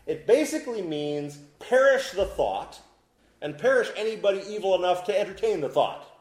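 A man delivers a sermon with a lively, rising and falling voice that sits slightly high for a man. He builds to loud, emphatic peaks, then drops to low, quiet asides. His voice carries a roomy echo, as in a church sanctuary. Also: normal speed. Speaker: pastor. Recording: echoey room.

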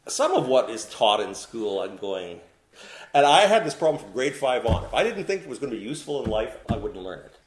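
A man delivers a sermon in a lively, sweeping voice that climbs and drops as he poses questions to his listeners. The sound is roomy and echoey, as in a church hall. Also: mid-range voice, a little fast. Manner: animated preaching with rhetorical questions to the congregation. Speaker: pastor. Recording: echoey room.

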